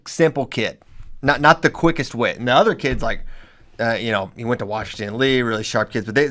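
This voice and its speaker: A young man tells stories about coaching on a casual podcast. He is animated and often laughs through his own punchlines. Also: mid-range voice. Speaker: wrestling coach and podcast co-host.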